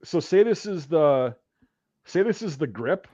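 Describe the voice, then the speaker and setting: A man telling profane army stories in casual chat, acting out the yelling. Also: on the high side, unhurried, highs cut off. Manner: profane, animated storytelling, acts out yelling. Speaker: podcast host, veteran telling army stories.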